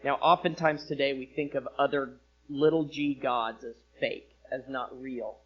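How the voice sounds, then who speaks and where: A man preaching a sermon as pastor, with expressive delivery that rises for emphasis and drops low. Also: unhurried, highs cut off. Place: church sanctuary.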